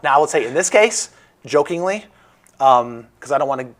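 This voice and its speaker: A man's voice: mid-range voice, lively intonation, normal speed. A man with a Midwestern American accent hosting a casual political talk show, joking and rambling as he speaks.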